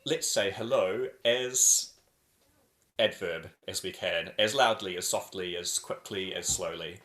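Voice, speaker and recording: Playful man leading an online choir warm-up. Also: sits low, a little slow, roomy sound. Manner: playful, over-the-top, chanting and clapping. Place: home video call. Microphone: video call.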